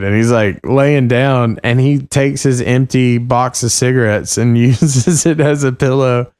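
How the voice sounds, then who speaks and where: A man's voice: mid-range voice, fairly even intonation, unhurried, few pauses, darkish tone, clean tone. A man in his thirties hosting a podcast, telling stories in a loose, profane way with frequent laughter. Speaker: podcast host. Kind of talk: casual chat, storytelling.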